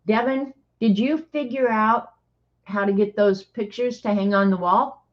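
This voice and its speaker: Slow-talking older woman streamer, dry. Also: mid-range voice, muffled recording. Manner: dry, sarcastic asides. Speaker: livestream host. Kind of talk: casual chat reading aloud to viewers.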